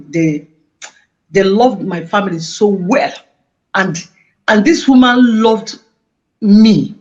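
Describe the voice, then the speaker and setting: A woman giving an emotional interview, speaking passionately and halting with many restarts. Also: mid-range voice. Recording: dull lo-fi audio.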